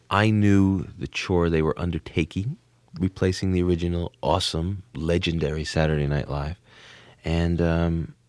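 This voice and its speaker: A man from suburban New Jersey, a comedian being interviewed, who talks in a rambling, excitable way full of restarts. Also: low voice, no room sound. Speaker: comedian guest. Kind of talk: casual interview talk.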